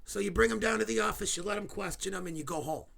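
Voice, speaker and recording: A man delivers a heated, sarcastic rant, swearing as he goes. His voice sits a little high and has a gravelly edge. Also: fast talker, fairly bright tone. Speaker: video host. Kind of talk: angry ranting commentary.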